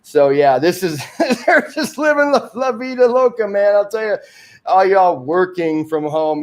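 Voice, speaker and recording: A man's voice: sits high, lively intonation, measured pace. A man from the Detroit area hosting his own homemade magazine show, rambling through tangents with frequent chuckles and restarts. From Detroit area, Michigan. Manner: digressive, chuckling often, trailing off and restarting. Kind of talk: rambling casual monologue.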